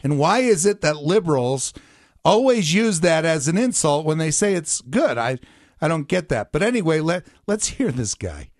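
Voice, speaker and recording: Brief: keen, opinionated male radio host, slightly high voice, dry studio sound. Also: very animated, normal speed, no room sound. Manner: enthusiastic, opinionated. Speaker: radio talk show host. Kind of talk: talk radio.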